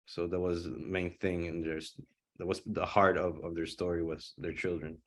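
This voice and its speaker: Deep-voiced young male filmmaker, musing. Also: little pitch movement, normal speed. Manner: thoughtful, searching for words. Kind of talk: casual panel discussion.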